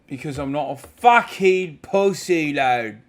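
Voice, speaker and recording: A man's voice: on the high side, lively intonation, slow. A man voicing a brash, swaggering British lad. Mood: mocking.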